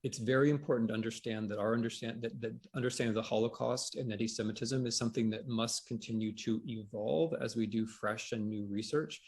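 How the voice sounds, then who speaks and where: A man's voice: mid-range voice, a little mellow, slightly rough. A man speaking as a historian on a panel, reflective, with frequent restarts and repeated words. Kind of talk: conversational panel discussion.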